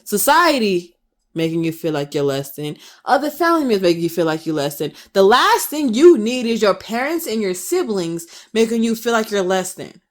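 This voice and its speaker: A woman's voice: medium pitch, very animated, normal speed. A woman in her twenties ranting passionately to camera in her vlog, firing off emphatic rhetorical questions. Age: 20s. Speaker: vlogger.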